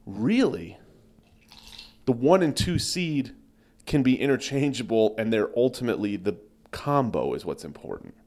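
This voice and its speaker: A young man on a comedy podcast who argues his point with earnest insistence. He speaks at an everyday middle pitch in a relaxed, chatty way. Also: normal speed. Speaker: podcast co-host. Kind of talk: casual comedic banter.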